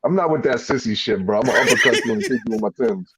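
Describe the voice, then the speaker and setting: Man, podcast co-host, blunt profane banter, lively pitch. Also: fast, over a noisy crowd. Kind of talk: casual chat.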